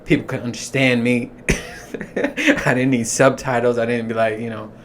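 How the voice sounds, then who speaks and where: A man in his thirties hosting a podcast, telling his stories in a casual, profane, animated way and laughing as he goes. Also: mid-range voice, moderate pace, slight background noise. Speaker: podcast host. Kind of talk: casual storytelling monologue.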